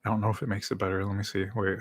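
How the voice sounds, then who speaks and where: A man's voice: lowish voice, level tone, rapid-fire. A man chatting casually on a livestream, rambling in a laid-back way and laughing easily.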